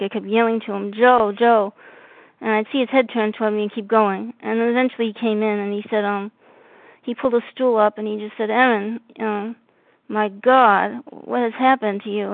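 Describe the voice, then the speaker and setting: A woman from north of Boston shares her story over a video call, stopping and restarting with plenty of fillers. Her voice has a gravelly edge. The audio is thin and phone-like, with no room sound. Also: mid-range voice, dry recording. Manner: halting, frequent fillers and restarts. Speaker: meeting member sharing. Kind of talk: personal recovery share.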